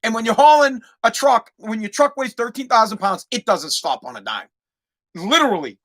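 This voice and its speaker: Animated, bright-voiced man. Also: very high voice, normal speed. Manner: animated, profane, lots of restarts. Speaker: podcast host. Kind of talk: casual storytelling monologue.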